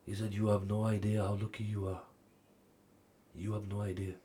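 A man making a charity appeal on TV. He swings between loud, pressing urging and hushed, intimate storytelling. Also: on the low side, flat delivery, moderate pace, slight background noise. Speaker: charity fundraiser. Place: TV studio.

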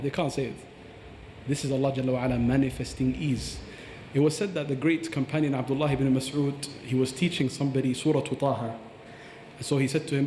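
A man's voice: mid-range voice, fairly quick, darkish tone, a little hiss or hum. A man explaining Quran recitation on a podcast, breaking into recited Arabic phrases as he teaches. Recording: echoey hall with long reverb.

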